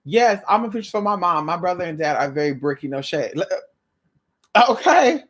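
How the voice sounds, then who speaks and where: A woman's voice: sits low, fast talker. A woman with a slight lisp giving sassy, casual reaction commentary, talking straight to the viewer. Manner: sassy, animated, drawls "girl". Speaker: commentary host.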